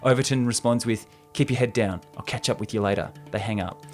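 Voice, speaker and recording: A man's voice: medium pitch, brisk, soft background music. A male podcast host casually recapping a script scene by scene, jokey and storytelling. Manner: jokey, storytelling, laughs at his own bits.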